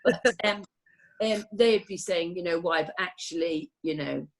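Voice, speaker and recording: A woman nurse chatting casually, telling stories in a rambling, animated way. Her voice sits a little low. She drifts from one tale to the next. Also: a little slow. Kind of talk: casual chat.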